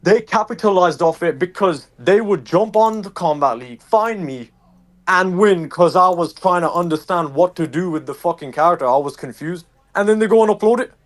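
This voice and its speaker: A man's voice: sits high, animated, moderate pace. A young man with a Birmingham accent, a streamer being interviewed, talking casually and ranting heatedly with lots of swearing. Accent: Birmingham English. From England. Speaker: streamer, guest.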